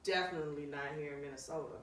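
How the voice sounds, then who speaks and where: A woman's voice: low-pitched, steady tone, very fast, roomy sound, distant mic, slight background noise. A woman co-hosting a casual group podcast who talks frankly and at length. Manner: frank and talkative. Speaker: podcast co-host.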